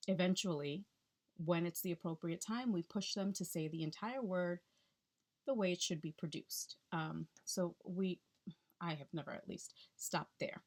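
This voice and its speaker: Lady speech therapist talking thru tips, lowish voice, casual and chatty. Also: moderate pace. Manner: chatty, explanatory, with fillers and check-ins. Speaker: speech-language pathologist. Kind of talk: instructional explainer to camera.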